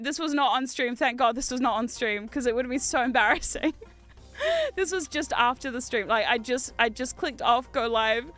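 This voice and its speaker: Bright high-voiced chatty young woman. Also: moderate pace, no room sound. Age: 30s. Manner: chatty, animated storytelling with laughs and swearing. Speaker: streamer. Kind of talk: casual gaming stream chat. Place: home gaming room.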